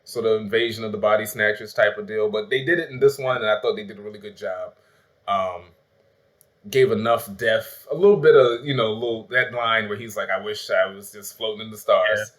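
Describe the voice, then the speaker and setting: Speaking a little fast in a lowish voice, this movie review channel host runs a relaxed chat full of spoilers. He talks loosely with plenty of swearing, acting out quoted lines with laughs.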